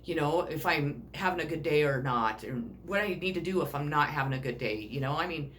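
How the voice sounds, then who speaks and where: A woman's voice: low-pitched, lively intonation, fairly quick, a bit bright, slight background noise. A middle-aged woman giving a casual self-help talk, blunt and rambling, swearing freely. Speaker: personal growth speaker.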